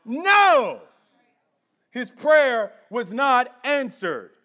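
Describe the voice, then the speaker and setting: Casting: a pastor with an unusually high voice, conversational preaching in a church. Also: male voice, very animated, drawn-out words. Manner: conversational preaching, swings between loud emphasis and hushed intensity. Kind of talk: sermon.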